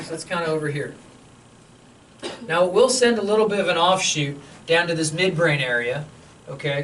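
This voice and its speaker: A man's voice: fairly high pitch, fairly bright tone. A man giving a casual, joking university lecture in a lecture hall who often checks in with his students. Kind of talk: classroom lecture. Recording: distant mic with faint room hum.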